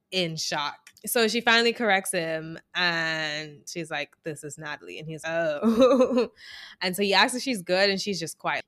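Expressive storytelling woman co-host. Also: lowish voice. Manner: expressive storyteller, acts out voices, swears. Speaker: podcast co-host. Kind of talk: casual chat.

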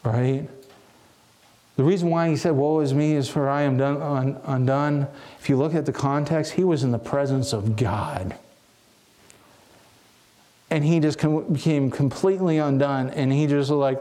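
A man's voice: medium pitch, moderate pace, dark tone. Earnest man preaching a reflective sermon. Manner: earnest, reflective, with frequent restarts.

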